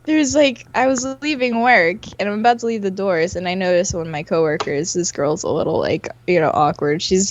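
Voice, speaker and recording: A woman's voice: mid-range voice, dry recording, dull audio. A young adult woman co-hosting a podcast, chatting crudely and improvising, giggling a lot, swearing freely and telling stories in put-on voices. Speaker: podcast co-host. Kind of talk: crude improvised comedic chat.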